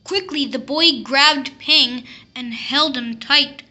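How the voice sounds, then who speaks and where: A woman reading a classic picture book aloud, telling the story slowly and expressively. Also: high-pitched, sharp tone. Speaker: storybook reader.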